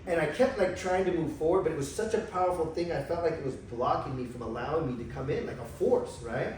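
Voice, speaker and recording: A man telling a personal story in a casual conversation, animated and emotional, acting out the voices of others. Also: on the high side, fast talker, hardly any pauses. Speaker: guest telling his spiritual experiences. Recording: echoey room, far from mic, faint noise.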